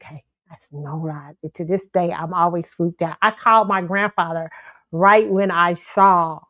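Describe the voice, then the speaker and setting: A woman's voice: lowish voice, a little slow, fairly bright tone, no room sound. Emphatic woman host, dry close mic. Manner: emphatic, insistent, repeats herself. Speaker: show host. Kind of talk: casual storytelling to viewers.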